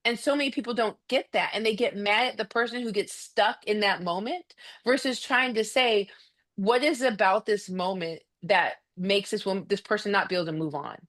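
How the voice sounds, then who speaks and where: A woman, a mediator and former coach, talking in a direct, animated way as a podcast guest. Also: mid-range voice, moderate pace. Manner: direct, animated storytelling with acted quotes. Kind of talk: casual conversation.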